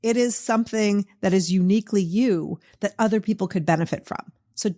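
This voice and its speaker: A middle-aged woman with a Boston accent hosts a podcast in an easy, talkative way. She encourages as she goes and leans on "like" and "you know." Her pitch sits in a plain middle range. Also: fairly quick, dark tone. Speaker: podcast host. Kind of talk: casual interview chat.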